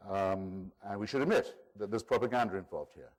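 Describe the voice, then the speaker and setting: A man giving a public lecture in a measured, wry, digressive way. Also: lowish voice.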